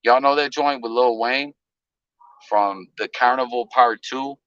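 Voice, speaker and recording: A man hosting a casual live stream from his car on the highway, talking in a laid-back, rambling, slangy way. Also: measured pace, a bit bright, no echo, muffled recording. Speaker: livestream host. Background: wind.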